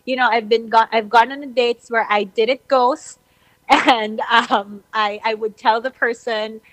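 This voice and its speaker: A woman's voice: fairly high pitch, fairly even intonation, a little slow, fairly bright tone, dry recording, rough recording. A woman from the Philippines calling a podcast, chatty and laughing easily as she tells her story. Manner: chatty, frequent laughs and fillers. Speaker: caller. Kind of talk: casual chat telling a personal story.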